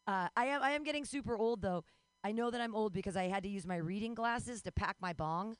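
This forties-aged comedian delivers her rambling, self-mocking routine briskly, her tone clear and resonant, punctuated by abrupt high-pitched yelps and laughs. There is no room sound.

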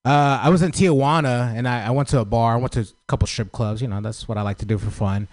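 A man's voice: medium pitch, steady tone, fast talker, darkish tone, no echo. A man doing a loose, profane open-mic stand-up set, joking at his own expense and asking for feedback. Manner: loose, profane, self-deprecating.

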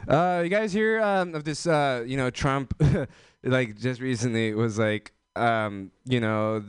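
Young guy doing open mic standup, rambly, lots of ums, smooth clear voice, dry close sound. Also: medium pitch, slow, no room sound. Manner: loose, rambling delivery with many fillers and self-laughs. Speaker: stand-up comedian.

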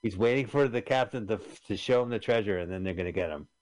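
A man's voice: on the low side, fast talker. A man hosting a radio show, chatting casually about a film and retelling its scenes. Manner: animated, retelling scenes in quoted voices.

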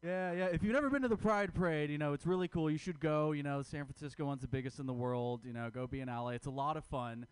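A man's voice: fairly high pitch, quick pace, hardly any pauses, clean tone, dry recording. A man doing a crude, self-mocking stand-up comedy set at a comedy club open mic.

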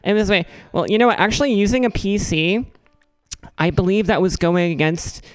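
A woman's voice: medium pitch, a little fast, dry recording, faint music behind. A young woman telling rambling, self-mocking comic stories full of fillers. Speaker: improv comedy performer. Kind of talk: storytelling stand-up improv.

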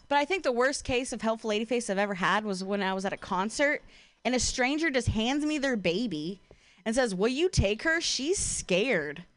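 A young woman from Ohio working through a stand-up set in a voice pitched a little high. She talks casually and swears freely, keeps a deadpan tone and laughs at her own lines. The sound is close and dry, with almost no room around it. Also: moderate pace, no echo. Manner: casual, profane, deadpan delivery with frequent laughs. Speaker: stand-up comedian.

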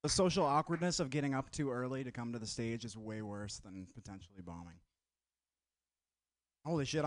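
Male comic, mid-pitched voice, dry close sound, deadpan one-liners. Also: no room sound. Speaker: stand-up comedian.

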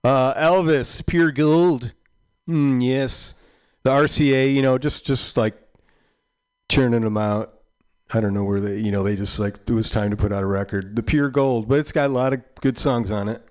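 Older male DJ, 60s, rambling on-air chat, halting delivery, ordinary mid-pitch voice. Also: a little mellow. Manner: rambling and halting, drifting between thoughts. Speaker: radio DJ. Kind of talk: casual on-air chat between records. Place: community radio studio.

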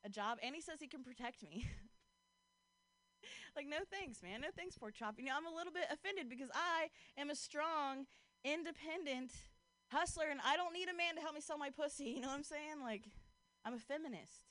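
A woman's voice: high-pitched, a little fast, fairly bright tone, no echo. A woman doing a casual stand-up set outdoors on a street corner, leaning on "like" and laughing at her own jokes. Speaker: stand-up comedian. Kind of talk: stand-up set with crowd work.

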